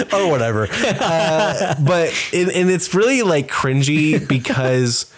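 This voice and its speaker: Animated man retelling a movie. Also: medium pitch, slow. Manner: animated storytelling, acts out characters with laughs and profanity. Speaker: podcast co-host. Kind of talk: casual movie recap chat.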